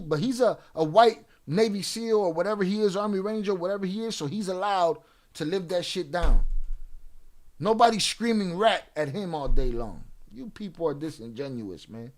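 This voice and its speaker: A man hosting a livestream, ranting at chat in a profane, confrontational, taunting way. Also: high-pitched. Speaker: livestream host. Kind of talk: livestream rant addressing chat.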